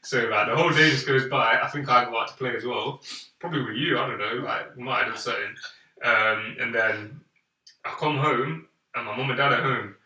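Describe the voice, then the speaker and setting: Bright-voiced young man telling a story. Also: mid-range voice, a little fast, distant mic. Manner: animated storyteller, acts out quoted voices. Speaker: podcast co-host. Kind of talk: casual storytelling chat. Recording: echoey room, off-mic.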